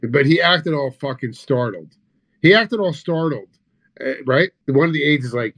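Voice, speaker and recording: A man giving profane, mocking commentary over news clips, sarcastic and crude, swinging between loud outbursts and low mutters. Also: expressive, moderate pace.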